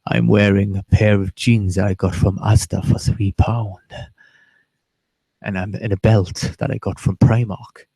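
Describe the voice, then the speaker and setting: A man putting on a low, slow, mock-seductive voice as if working a chat phone line. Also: little pitch movement, vocal fry, dark tone, breathy edge, no room sound, exaggerated voice. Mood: sultry.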